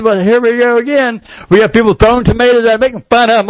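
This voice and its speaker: A man's voice: high voice, little pitch movement, a little fast, few pauses, smooth, no echo, rough recording. A male pastor preaching a sermon, telling a story and acting out the people in it in different voices. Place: church sanctuary.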